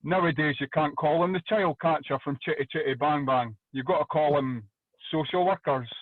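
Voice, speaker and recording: A loud Scottish comedian tears through his set with crude swearing and plenty of energy. His voice sits a touch high and comes through a thin, phone-like line. The room around him is completely dry. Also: moderate pace, dry recording. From Scotland. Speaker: stand-up comedian. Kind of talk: stand-up comedy. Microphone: video call. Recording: dry tinny phone-like call audio.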